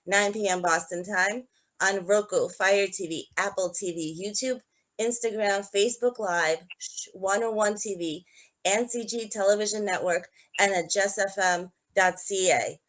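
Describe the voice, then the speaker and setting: A Georgia woman hosts this live-stream talk show, sharing her own stories earnestly and conversationally. Her mid-range voice is unhurried, with a fairly bright tone.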